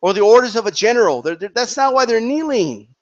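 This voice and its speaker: A fired-up man talks through his opinions in a fairly high voice, circling back to his points and tagging them with "right?" again and again. The sound is dull and lo-fi, like a cheap home mic. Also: lively intonation, fast. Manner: heated, repetitive, peppers with "right?" and "okay?". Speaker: boxing commentary channel host. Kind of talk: opinionated commentary monologue.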